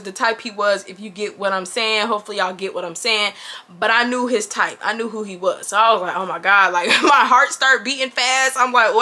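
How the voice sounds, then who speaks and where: A woman in her twenties telling a story to her viewers in a casual, chatty, slang-filled way. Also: a little high. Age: 20s. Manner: chatty and animated, addresses viewers as y'all, slangy. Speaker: vlogger.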